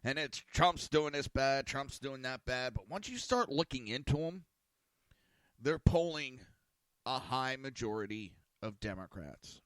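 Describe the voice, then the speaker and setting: A man's voice: mid-range voice, lively intonation, unhurried, fairly bright tone, no echo. A man hosting a casual talk podcast, rambling and swearing in an exasperated tone. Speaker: podcast host. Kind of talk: casual ranting talk show.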